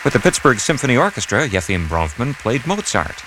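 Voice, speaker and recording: A man hosting a classical music radio program, reading his script in a measured way and going slowly over details. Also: medium pitch, very animated. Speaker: radio host.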